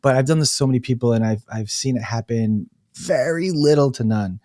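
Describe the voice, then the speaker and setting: A man, a guest on a talk show, telling stories in an animated way, acting out quotes and laughing easily. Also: mid-range voice, a little fast, no room sound, clean studio sound. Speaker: breathwork facilitator, guest. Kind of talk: casual storytelling interview.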